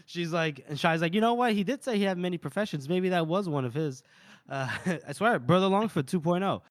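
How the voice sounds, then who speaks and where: A man's voice: a little high, moderate pace, dry recording. A man co-hosting a podcast, animatedly retelling a book's chapters in casual chat with laughs. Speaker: podcast co-host. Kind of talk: casual book-discussion chat.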